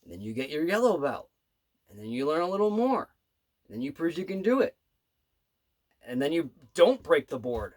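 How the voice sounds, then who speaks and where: A man's voice: on the high side, very animated, moderate pace, long pauses, a little mellow. Earnest rambling man telling stories. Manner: rambling and earnest, full of "you know" and "right". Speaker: bass player and manifestation coach. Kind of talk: casual storytelling vlog. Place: his home studio.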